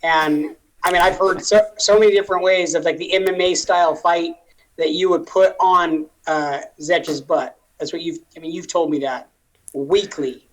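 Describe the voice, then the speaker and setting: A man's voice: fairly high pitch, fairly even intonation, normal speed, rough recording. A man co-hosting a casual gaming podcast, teasing his co-hosts with made-up joking stories. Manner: playful teasing banter, spinning joking stories. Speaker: podcast co-host.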